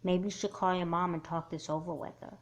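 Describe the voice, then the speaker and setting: A woman voicing a calm, blunt teenage girl in a doll movie, asking pointed questions in a level way. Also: on the low side, fairly quick, close to an everyday voice. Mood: advising.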